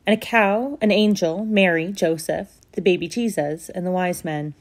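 Storybook part: polite, earnest widow with a gently pleading manner, read by a woman. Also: fairly low pitch, moderate pace. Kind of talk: storybook reading.

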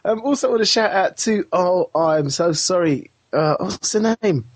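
A man's voice: high-pitched, lively intonation, a little slow, no room sound. A man co-hosting a podcast, telling a rambling story in a casual chatty way. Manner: rambling anecdotal storytelling with laughs. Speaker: podcast co-host.

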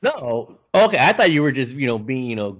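A man's voice: mid-range voice, big pitch swings, fairly quick, a bit bright. A man co-hosting a podcast in casual chat, asking probing follow-up questions. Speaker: podcast co-host. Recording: crowd chatter in background.

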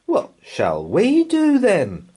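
A man's voice: high-pitched, wildly swooping pitch, takes it slowly, dark tone, breathy edge, pitched above the performer's own voice, exaggerated voice. A man voicing a jealous young girl elephant from a picture book, with a pleading, complaining manner. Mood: whiny.

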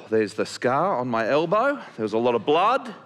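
A man doing stand-up comedy and telling a story in an animated, shouty way. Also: mid-range voice, measured pace.

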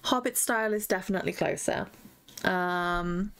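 A woman's voice: on the low side, moderate pace, a bit bright, clean tone. A young woman chats her way through a gaming session, gushing and chatty. She talks to herself and to the creatures she meets, squealing over cute things and musing over her choices. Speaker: gaming streamer. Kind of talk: casual gameplay chat.

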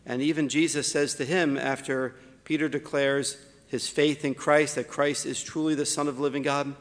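A man, a priest, preaching a homily with wry asides, slowing down to stress key points. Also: fairly high pitch, level tone, big-room sound. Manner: slows down for emphasis, wry asides.

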